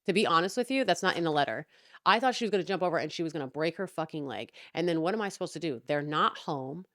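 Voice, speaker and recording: A young woman hosting a podcast, venting about a neighbor in a heated, profane, animated way. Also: low-pitched, fast, dry recording, clean studio sound. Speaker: podcast host. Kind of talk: casual storytelling rant.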